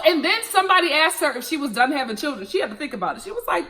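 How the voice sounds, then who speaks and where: A woman recapping a reality show in a casual, gossipy, animated way, laughing often and using slang. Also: sits high, quick pace.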